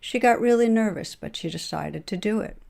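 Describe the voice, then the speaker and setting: A woman meditation teacher giving a dharma talk, telling a story in a gentle, measured way and closing with calm meditation instructions. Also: medium pitch, vocal fry.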